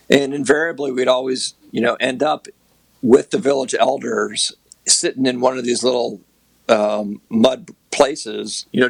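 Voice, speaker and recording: A man's voice: medium pitch, vocal fry, slightly rough, no echo. A man, a guest photographer, telling a rambling anecdote in a casual podcast chat, with many fillers. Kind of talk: casual storytelling.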